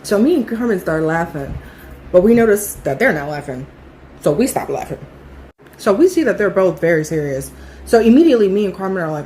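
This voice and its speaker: A woman in her thirties telling a casual storytime, chatty and animated, acting out what other people said. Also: medium pitch, brisk, slight background noise. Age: 30s.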